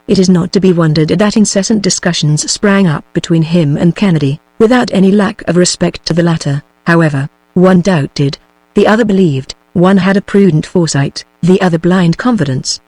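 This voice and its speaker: A text-to-speech woman's voice with a British English accent, narrating a classic novel in a smooth, steady manner. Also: fairly low pitch, moderate pace, dry recording. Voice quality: smooth synthetic voice. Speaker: audiobook narrator. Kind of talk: text-to-speech book reading.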